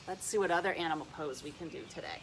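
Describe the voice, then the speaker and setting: A woman's voice: sits low, fast talker, slight background noise. A woman leading a playful yoga lesson for young children, speaking in a sing-song way. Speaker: early childhood educator leading kids' yoga.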